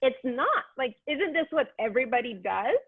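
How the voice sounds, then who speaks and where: Lively lady talking on the phone, kinda tinny, gets emotional telling stories. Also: high-pitched, slightly rough, no room sound. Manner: lively, emotional, quick asides. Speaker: guest. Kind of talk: casual interview storytelling.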